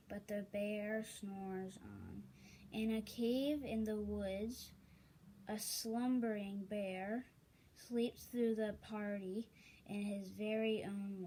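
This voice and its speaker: A woman reading a children's picture book aloud, unhurried, with chatty asides to listeners. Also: medium pitch, a little mellow, a little hiss or hum, rough recording. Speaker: story reader.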